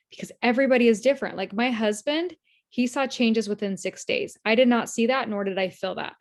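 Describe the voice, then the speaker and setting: A woman team leader giving a casual, earnest motivational talk on a video call, telling stories and acting out quoted lines. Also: medium pitch. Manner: chatty, earnest, storytelling with quoted voices.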